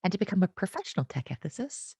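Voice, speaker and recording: A woman's voice: medium pitch, big pitch swings, quick pace, mellow, breathy edge, dry recording. A woman from the United States giving a conference keynote, full of wry, self-mocking humor.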